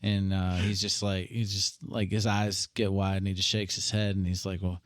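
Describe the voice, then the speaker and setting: A man's voice: sits low, flat delivery, normal speed, dry recording, studio quality. A man running a tabletop game as game master, talking with many fillers and restarts.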